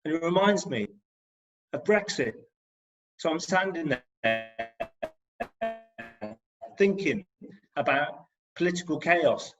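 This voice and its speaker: A man with an English Midlands accent reads his spoken-word poetry over a muffled, lo-fi video call. His voice sits a little higher than most men's, and his rhymes land with a steady, rhythmic beat. Between poems he chats with a dry, self-mocking humour. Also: slow, long pauses, music in the background. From England. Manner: rhythmic, rhyming delivery with wry humour. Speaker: performance poet. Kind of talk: spoken-word poetry reading with comic asides. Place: home, on an online video call. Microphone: video call microphone. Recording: dull lo-fi video call audio.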